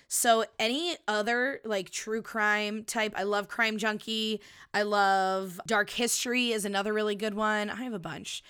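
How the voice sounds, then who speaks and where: A woman's voice: mid-range voice, fairly bright tone, smooth. A woman in her thirties hosting a solo podcast, chatting in a playful, casual way and swearing freely into a microphone. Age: 30s. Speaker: podcast host. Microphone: studio microphone.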